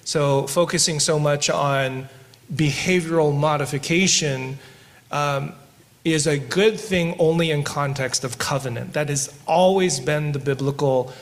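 A man co-hosting a podcast who tells stories while teaching scripture, moving between quick asides and slow, emphatic lines. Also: a little high. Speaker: podcast co-host discussing scripture. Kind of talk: conversational Bible teaching with storytelling.

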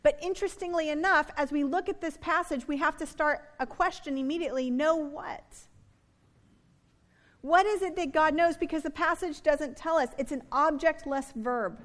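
High-voiced woman preaching earnestly. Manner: earnest, emphatic, slows down to stress key words. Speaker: pastor. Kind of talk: sermon.

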